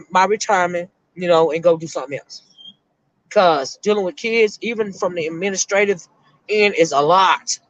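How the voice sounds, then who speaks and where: A middle-aged woman, a retired school counselor, hosting an emotional live-stream chat and speaking haltingly to her viewers. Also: on the low side, dry recording, muffled recording. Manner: emotional, halting, repeats words while talking to her chat.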